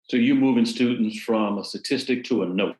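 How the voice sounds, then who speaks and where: A man's voice: medium pitch, a little mellow. A man with a Southern accent who hosts a panel, affable and teasing his guests. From Southern California. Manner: affable, teasing, quick with jokes. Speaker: panel host. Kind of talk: moderating a video panel. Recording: roomy echo.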